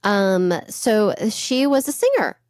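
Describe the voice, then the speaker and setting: Woman, podcast co-host, casual storytelling, animated, dry room. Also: mid-range voice, takes it slowly, dry recording. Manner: chatty, animated, swears freely.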